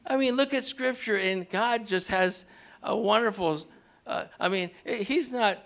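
A man preaching a sermon in a church, leading the congregation in call-and-response and pushing his pitch up sharply on key words. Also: unhurried, gravelly, a bit bright. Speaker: pastor.

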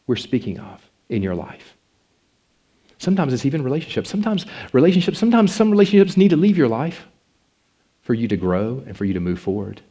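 A man preaching in an animated, sing-song way, his pitch swinging widely. His voice is dark and mellow. He tells a personal testimony and leans into fervent, pleading passages. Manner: animated, rising to passionate pleading then dropping low.

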